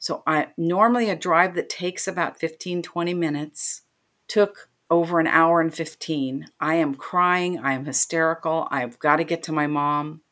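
Low-voiced woman telling a family story. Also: fairly even intonation, normal speed, fairly bright tone. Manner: emotional, retells scenes by voicing the people in them. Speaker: interview guest. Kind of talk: personal storytelling.

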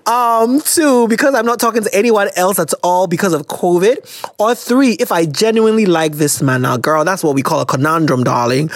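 A man from Ghana with a Ghanaian accent, hosting a podcast and reading out listener letters in casual, animated chat that slips into Twi. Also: high-pitched, no room sound, clean studio sound. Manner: animated, switches into Twi, laughs often.

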